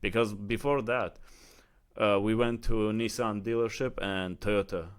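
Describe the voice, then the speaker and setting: In his vlog, a man from the United Arab Emirates with an Emirati accent tells a heated, chatty story stuffed with "like" and "you know." His lowish voice has fairly even intonation and an unhurried pace, with a little hiss or hum in the background.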